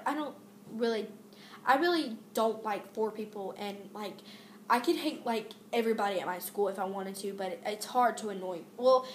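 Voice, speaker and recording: A woman's voice: on the high side, reverberant, a little hiss or hum. A teenage girl vlogging a casual rant about pet peeves, exasperated and rambling with many fillers and restarts.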